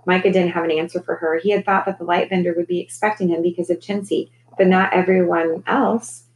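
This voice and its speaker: A woman with a low voice reading a children's novel aloud to her class, unhurried and clear. Her narration is gentle and even, with a faint bit of noise in the background. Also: low-quality recording.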